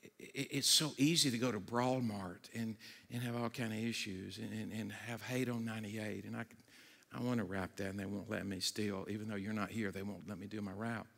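A male pastor delivers a sermon in a large hall, speaking fairly quickly in a gravelly voice. His style is energetic and conversational, full of humorous asides and stammered restarts, and he sometimes goes low and quiet to stress serious points.

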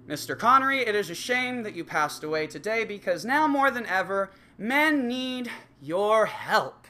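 A man rants in a crude comic monologue, cursing freely and dripping with sarcasm. His bright tone carries a lively, swinging pitch. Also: normal speed. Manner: crude, sarcastic, swears constantly. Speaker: comedic ranter. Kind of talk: profane comedic monologue.

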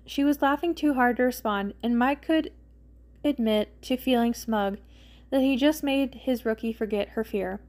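A woman's voice: a little high, measured pace, a little mellow. A woman podcast host reading fan fiction aloud expressively, acting out the characters' lines.

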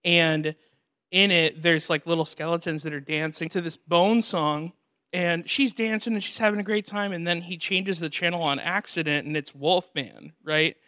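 A young man hosting a podcast, telling animated stories in a casual chat and acting out the voices in them. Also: fairly high pitch, normal speed, no room sound, clean studio sound. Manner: animated storyteller, acts out voices and laughs often. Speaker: podcast host.

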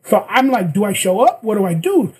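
A guest actor, a man with a high, husky voice, tells a story in casual chat at a brisk pace. He is animated and acts out the lines of the people in it, though the recording is rough.

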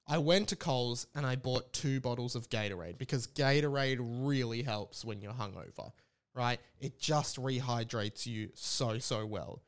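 An Australian man in his late twenties telling a casual, rambling story as a podcast host. He is animated and swears freely. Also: mid-range voice, moderate pace. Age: late 20s.

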